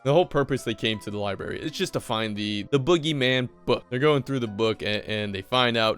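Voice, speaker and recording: A young man casually recapping a horror movie, animated and swearing a lot. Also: medium pitch, a little fast, hardly any pauses, clear, resonant tone, faint music behind. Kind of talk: profane comedic movie recap.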